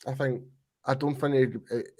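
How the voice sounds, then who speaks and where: A man's voice: medium pitch, steady tone, moderate pace, a little mellow. Stammering man in fan chat. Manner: stammers and restarts, opinionated. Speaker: panelist. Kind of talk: casual panel chat.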